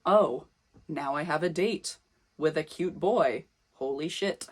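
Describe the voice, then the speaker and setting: A woman's voice: low-pitched, slow pace, breathy edge. A young woman reading her old teen fan fiction aloud, with sarcastic, self-mocking comments in between.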